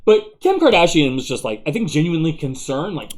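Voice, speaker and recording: A man's voice: fairly high pitch, big pitch swings, fairly quick. A man co-hosting a podcast in casual, profane banter, joking and rambling, now and then putting on silly impressions. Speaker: podcast co-host.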